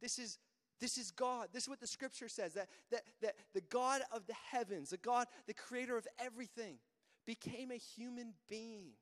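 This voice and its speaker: High-voiced man preaching casually in a hall. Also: normal speed, fairly bright tone. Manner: conversational, repeats words when starting a thought. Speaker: pastor. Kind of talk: casual sermon.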